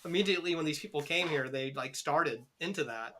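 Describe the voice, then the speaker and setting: A man's voice: fairly high pitch, brisk, pushed and bright, a little hiss or hum. A young man co-hosting a podcast in casual chat, rambling and joking with heavy profanity. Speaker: podcast co-host.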